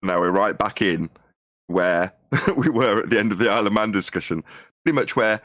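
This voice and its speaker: A man's voice: lowish voice, moderate pace, fairly bright tone, dry recording. A man chatting on a live stream with dry, sarcastic humor. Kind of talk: casual live-stream chat.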